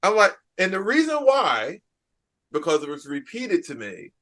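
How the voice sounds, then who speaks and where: A podcast host from New Jersey with a bright, forceful voice that sits a little above the usual male range. He talks with energetic emphasis and likes to drive a point home by repeating it. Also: sits high, moderate pace. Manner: emphatic, repeats phrases for effect. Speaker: podcast host and keynote speaker. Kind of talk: casual interview chat.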